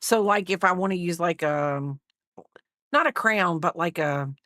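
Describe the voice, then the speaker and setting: Chatty middle-aged woman vlogger, low voice, dry close sound, rambling casual chat. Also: unhurried, sharp tone, no echo. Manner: rambling, chatty, many fillers and asides. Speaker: crochet vlogger. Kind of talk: casual chat while crocheting.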